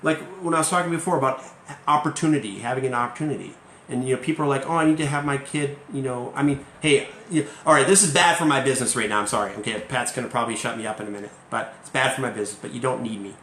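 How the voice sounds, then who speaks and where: A man's voice: mid-range voice, very fast, a bit bright, a little hiss or hum. A man hosting a live-stream chat as an English teacher, talking emphatically and tagging points with "okay?". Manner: emphatic, keeps asking "okay?". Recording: roomy echo, faint ambience.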